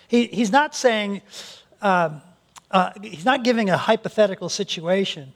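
A man's voice: high voice, animated, unhurried. A male pastor preaching a sermon, earnest, often repeating words as he restarts his sentences.

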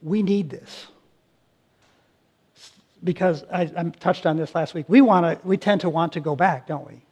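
A man's voice: a little high, moderate pace, a little mellow, breathy edge. A middle-aged male pastor preaching a sermon, emphatic, repeating phrases and restarting his sentences.

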